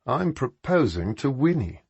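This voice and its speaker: A man's voice: medium pitch, sing-song, unhurried, vocal fry, darkish tone, husky, no echo, dull audio, voice pushed up, exaggerated voice. A man voicing a playful, undaunted aristocratic suitor, speaking earnestly and unruffled by his sister.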